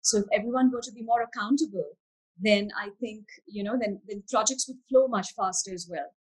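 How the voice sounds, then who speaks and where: A woman's voice: mid-range voice, brisk, a little mellow, slightly rough, poor audio. A woman architect and curator answering interview questions over a video call in an earnest, reflective way. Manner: earnest, reflective, speaks of faith. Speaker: architect and curator, panel guest.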